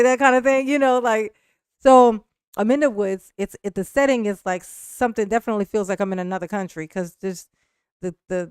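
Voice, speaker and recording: A woman hosting a livestream tells a long story to her chat, laughing often and restarting her sentences. Her voice is smooth and clear. It sounds close and dry, with no room echo. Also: mid-range voice. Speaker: livestream host. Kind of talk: casual storytelling to a live chat.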